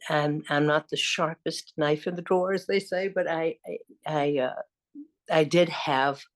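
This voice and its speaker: An older actress from the American South with a faint Southern accent, telling rambling stories with frequent laughter in an interview. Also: female voice, low-pitched. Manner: warm, rambling, self-deprecating, laughs often. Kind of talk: casual storytelling interview.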